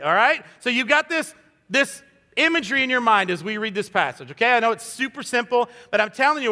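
A man's voice: very high-pitched, sharp tone. A man in his fifties preaching a sermon as guest pastor, conversational and self-deprecating, with frequent fillers. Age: 50s. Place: church. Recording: hall reverb.

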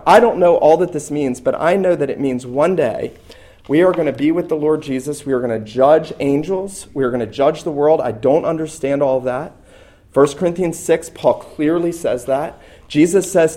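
A middle-aged man preaching a sermon as pastor, emphatic, swinging between loud stresses and quiet asides. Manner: emphatic, rising to loud stresses and then dropping low.

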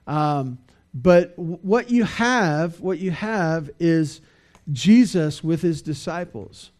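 A man preaching a sermon in a church, in a conversational, halting way with many fillers and restarts. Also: fairly high pitch, expressive, a little mellow. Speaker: pastor.

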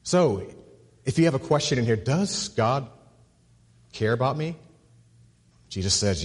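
Pastor guy preaching in church, husky voice, long echoey hall, repeats himself then goes quiet on big lines. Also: animated, a little slow, long pauses. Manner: repeats words while building to a point, drops low and soft on key phrases. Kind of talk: sermon.

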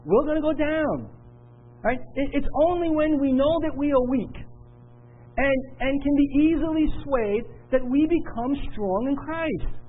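A man's voice: very high voice, phone-quality sound, slight background noise. A middle-aged man preaching a sermon with earnest, repetitive emphasis. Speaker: pastor.

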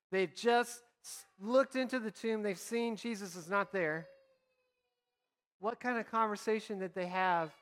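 A man's voice: high voice, a bit bright. Conversational male pastor in a reverberant hall. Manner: conversational preaching, acts out imagined dialogue. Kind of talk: sermon.

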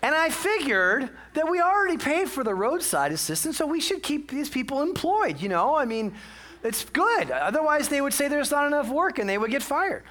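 A man's voice: very high-pitched, big pitch swings, moderate pace, bright, forceful tone. A man preaching a sermon in a casual, chatty storytelling way, self-mocking and full of asides. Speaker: pastor.

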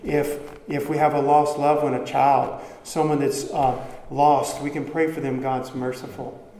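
A man's voice: mid-range voice, little pitch movement, a little slow, dark tone, slight background noise. A man preaching a sermon as pastor, earnest, often repeating words as he goes. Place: church sanctuary. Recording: echoey church hall, faint ambience.

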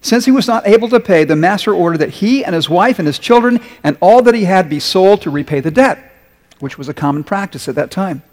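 A man's voice: high-pitched, lively intonation, fairly quick, darkish tone. Man preaching in a reverberant hall. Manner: conversational preaching with rhetorical questions. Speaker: pastor. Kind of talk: sermon.

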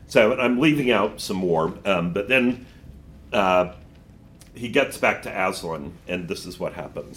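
A man hosting a book podcast, retelling the story in casual, animated talk and quickly agreeing with his co-hosts. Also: sits low, slight background noise. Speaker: podcast host.

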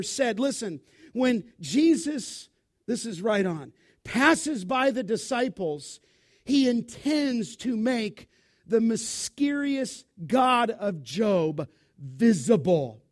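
A man with a very high voice preaching to his congregation. He is emphatic, poses questions and answers them himself, and swings between loud bursts and quiet asides. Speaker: pastor. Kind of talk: sermon.

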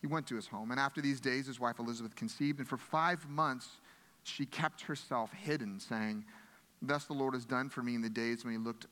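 A man's voice: mid-range voice, normal speed, pushed and bright, in a large hall. A pastor preaching a sermon in an earnest, conversational way, often restarting his phrases.

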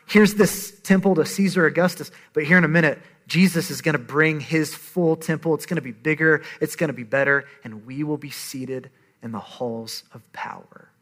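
A man's voice: on the high side, fairly even intonation, moderate pace, a bit bright. A man in his thirties preaching a sermon, conversational and emphatic. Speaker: pastor.

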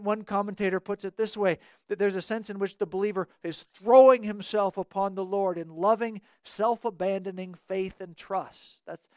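A man's voice: sits high, a little mellow, no room sound, studio quality. A man preaching a sermon as pastor, earnest, repeating key phrases and asking the congregation rhetorical questions.

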